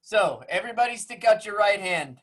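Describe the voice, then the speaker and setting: A man's voice: high-pitched, animated, brisk. A male music teacher leading an online class over a video call, playful and teasing with his young students. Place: home room on a video call.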